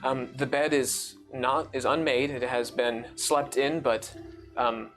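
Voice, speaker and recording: A man's voice: medium pitch, fairly even intonation, slow, fairly bright tone. Give me a man running a tabletop game, casual and rambling, with faint music underneath. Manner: casual, rambling, lots of fillers. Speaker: dungeon master.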